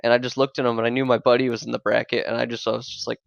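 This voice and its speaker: A podcast co-host who is an amateur Muay Thai fighter tells his fight stories in casual chat, animated and profane, swearing, laughing, and acting out the other people involved. His mid-range voice is rapid-fire with vocal fry, and the audio is dull with no room sound.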